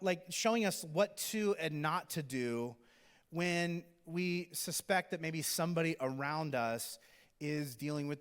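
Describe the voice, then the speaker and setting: A male pastor preaching a sermon in a casual, animated, conversational way, sometimes acting out the people in the story. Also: a little high. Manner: conversational, animated, acts out characters. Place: church auditorium. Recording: long hall reverb.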